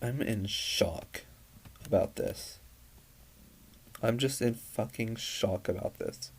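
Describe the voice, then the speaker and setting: A man's voice: medium pitch, takes it slowly, vocal fry, slightly rough. A man reacting with outrage, stammering and swearing as he reads out screenshots. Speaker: commentary YouTuber.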